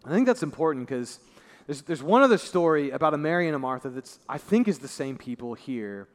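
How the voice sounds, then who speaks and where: Male pastor, slightly higher voice, conversational sermon, long hall reverb. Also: animated, brisk. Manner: conversational preaching, voice drops low and soft for emphasis.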